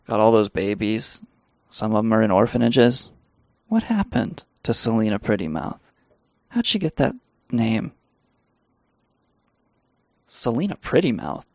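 A man's voice: lowish voice, sing-song, unhurried, creaky, pauses often, a little mellow, no echo, clean studio sound. A man hosting a live stream, telling a rambling, profane story with laughs and reading the chat aloud.

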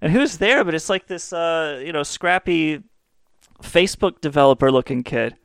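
A young adult man hosts a podcast, spinning long, crude, self-mocking anecdotes in a loose, rambling way. His voice sits a little high and rings smooth and resonant. The sound is close and dry. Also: expressive, normal speed, no echo. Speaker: podcast host. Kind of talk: casual comedic storytelling.

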